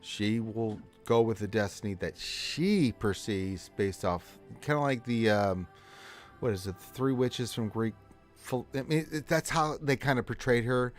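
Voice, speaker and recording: A man's voice: medium pitch, a little slow, soft background music. Exasperated man running a tabletop game. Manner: exasperated, explaining lore at length. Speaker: game master.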